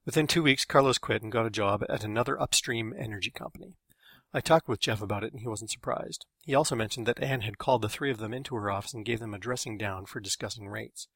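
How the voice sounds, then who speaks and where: A man's voice: lowish voice, fast talker, vocal fry, fairly bright tone, no room sound, clean studio sound. A man reading his own story in wry, matter-of-fact first-person narration.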